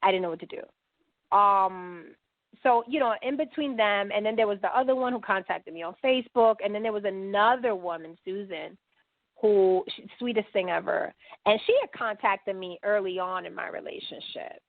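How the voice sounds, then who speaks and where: A woman guest on a podcast, telling a long story and acting out the dialogue in lively quoted voices. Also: medium pitch, normal speed, creaky, no echo. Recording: dry phone-line sound.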